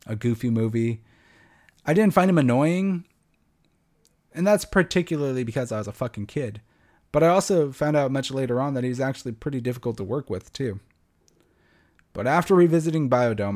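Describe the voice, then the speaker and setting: This young man hosts a podcast, speaking in a medium-pitched, slightly mellow voice. His casual monologue is a blunt, sarcastic film review, and he swears freely.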